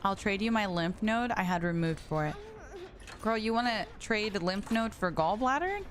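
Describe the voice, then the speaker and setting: A woman's voice: mid-range voice, expressive, normal speed. A young woman streaming a game, chatting casually and reading messages from her chat with frequent giggles.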